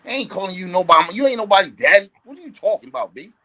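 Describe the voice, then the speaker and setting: A man's voice: sits high, big pitch swings, very fast. Brash Brooklyn man roasting. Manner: loud, teasing, says "B" often. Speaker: livestream guest. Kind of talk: animated roasting banter.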